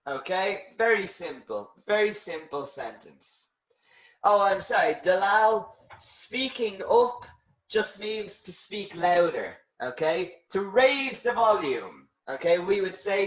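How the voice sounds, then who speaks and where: A man teaching English, slow and unhurried, with a voice that climbs and dips a lot as he reads example phrases aloud. He sounds patient and reassuring, and the room around him rings with echo. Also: sits high, big pitch swings. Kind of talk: live online English lesson.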